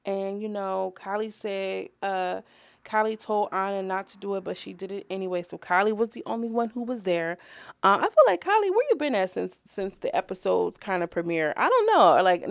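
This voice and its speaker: Talking directly to her viewers, a woman rambles through a profane, chatty vlog review of a reality show episode. Her voice is medium in pitch and creaky, with no echo in the recording.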